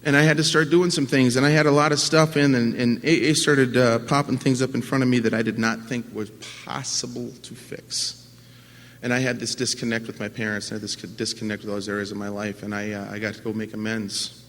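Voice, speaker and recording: A man giving a personal recovery talk to an audience at a convention, earnest and halting with many restarts, swinging from quiet to impassioned. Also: mid-range voice, flat delivery. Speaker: AA speaker. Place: large conference hall at a convention. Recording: long hall reverb from a live talk.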